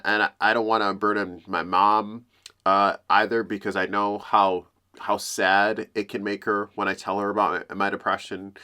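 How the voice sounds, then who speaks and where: A young man speaking openly and haltingly, breaking off and restarting as he talks about hard feelings. His voice is low-ish in pitch but with a very bright edge, recorded close on a camera mic. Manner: halting, emotional, open. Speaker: vlogger. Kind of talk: confessional talk to camera.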